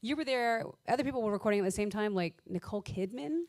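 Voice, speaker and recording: A woman's voice: mid-range voice, expressive, quick pace, darkish tone. A woman radio host with a mid-range voice leads a casual studio interview. She talks in a chatty way and laughs easily. The sound is close and dry, with no room echo.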